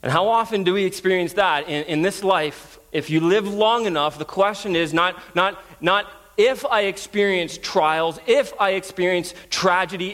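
A man's voice: sits high, fairly bright tone. A man in his thirties preaching as a guest, earnest and storytelling, with frequent restarts. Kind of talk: sermon.

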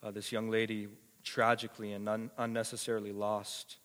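A male pastor preaching a sermon, emphatic and repetitive, swinging from quiet to passionate. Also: on the low side, monotone, brisk. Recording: echoey hall reverb.

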